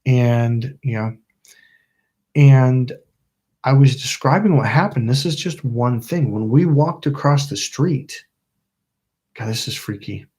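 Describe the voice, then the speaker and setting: A man's voice: mid-range voice, animated, slow pace, pauses often, warm tone, slightly rough. A middle-aged man from California hosting his channel, telling a rambling story with lots of swearing and acted-out quotes. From Napa, California. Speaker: channel host. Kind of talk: casual storytelling livestream.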